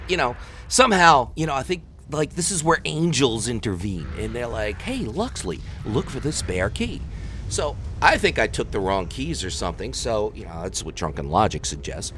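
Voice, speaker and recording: A man's voice: medium pitch, a bit bright, slight background noise. A man hosting a gaming video, telling a joking, self-mocking story over his gameplay commentary.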